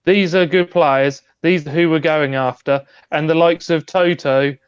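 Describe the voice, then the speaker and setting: A man's voice: on the high side, fairly even intonation, measured pace, clean tone, dry recording, highs cut off. A man on a fan football panel questioning where the blame lies. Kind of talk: football debate.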